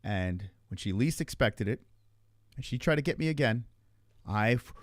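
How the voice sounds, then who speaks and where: At a moderate pace and in a mid-range voice, the man hosting this podcast chats casually, telling stories in a loose, rambling manner. He's animated and curses freely, and the sound is studio quality without echo.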